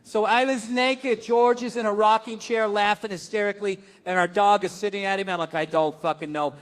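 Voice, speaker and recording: A middle-aged man doing stand-up on a club stage, telling a profane, animated story and mimicking his family. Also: high-pitched, brisk. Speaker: stand-up comedian.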